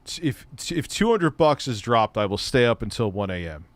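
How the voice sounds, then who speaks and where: A middle-aged man talks through a casual commentary stream in a mid-pitched voice, rambling, swearing freely and breaking into laughter. His talk is loose and conversational. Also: sing-song, normal speed, dry recording. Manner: profane, rambling, laughs easily. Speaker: commentary host.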